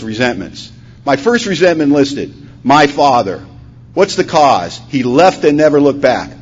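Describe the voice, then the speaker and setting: A man telling his recovery story at a conference, acting out the dialogue, his voice rising loud and dropping to a hush. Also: a little high. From Washington state, USA. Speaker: recovery meeting speaker. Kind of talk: personal testimony talk. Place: conference hall. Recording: dull lo-fi conference recording, faint hum.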